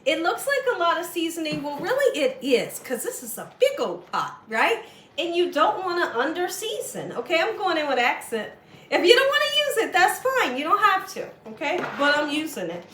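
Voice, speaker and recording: A woman's voice: very high voice, big pitch swings, normal speed, fairly bright tone, roomy sound, a little hiss or hum. A woman hosting a home cooking demonstration, chatty and coaxing, often checking in with "okay?" and "right?". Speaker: cooking show host. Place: home kitchen.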